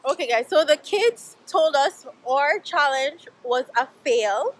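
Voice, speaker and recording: A woman's voice: high voice, lively intonation, takes it slowly, a little hiss or hum, poor audio. A woman co-hosting a vlog outdoors, chatting and teasing her friends playfully. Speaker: vlog co-host. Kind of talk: casual chat. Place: city square outdoors.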